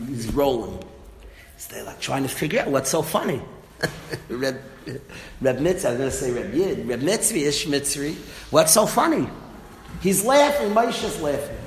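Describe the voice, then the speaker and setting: A man, giving a lively Torah talk and acting out lines of the story. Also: fairly high pitch, echoey room, in a large hall, slight background noise. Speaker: Torah teacher.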